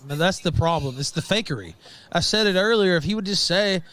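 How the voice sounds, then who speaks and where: A man's voice: sits high, brisk, fairly bright tone. A man talking as a stream guest, blunt and heated in casual conversation.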